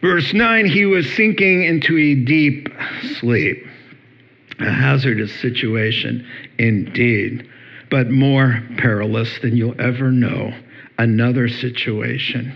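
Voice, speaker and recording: Middle-aged male pastor, unhurried storytelling sermon, muffled low-fi sound. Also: gravelly. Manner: animated storytelling, acts out voices with playful humor.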